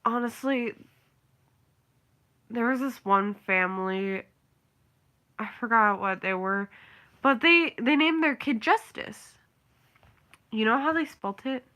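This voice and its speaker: Bright-voiced young woman rambling casually. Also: on the high side, slow, long pauses. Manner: rambling, filler-heavy, ranting. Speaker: vlogger. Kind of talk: casual chat.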